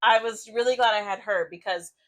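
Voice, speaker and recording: A woman's voice: mid-range voice, fairly quick, a bit bright. A woman co-hosting a podcast, telling a personal story in a rambling, casual way with lots of fillers and swearing. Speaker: podcast co-host.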